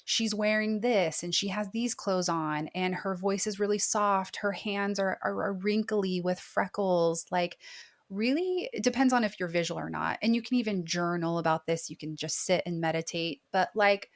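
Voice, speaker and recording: A woman's voice: medium pitch, normal speed. A woman in her thirties, a therapist guest on a podcast interview, talking in an earnest, reflective way, full of "like.". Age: 30s. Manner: earnest, reflective, heavy use of "like".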